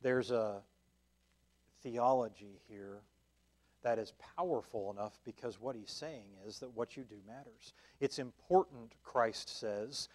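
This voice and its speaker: Guy teaching a church bible study, chatty, lots of ums and restarts, mid pitch, keeps asking "right?". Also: a little slow. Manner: conversational, thinks aloud with fillers and restarts; checks in with listeners with a questioning "right?". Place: church meeting room.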